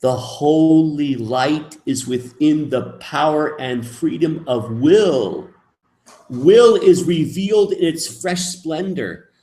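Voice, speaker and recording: A man teaching as a rabbi in a lecture, emphatic, moving between soft asides and loud, stressed points. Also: fairly high pitch, expressive, slow pace. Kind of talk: lecture on Jewish mysticism. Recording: echoey room.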